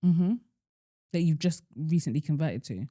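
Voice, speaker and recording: A woman's voice: sits low, moderate pace. A young woman co-hosting a podcast in casual chat, easygoing, with dry asides. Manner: easygoing, backs up her co-host with steady agreement and dry asides. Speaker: podcast co-host.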